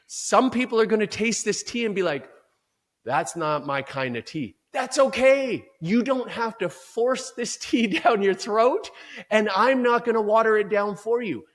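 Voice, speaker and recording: A man speaking as a performance coach in an interview, talking in an emphatic, energetic, motivational way. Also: high-pitched, normal speed.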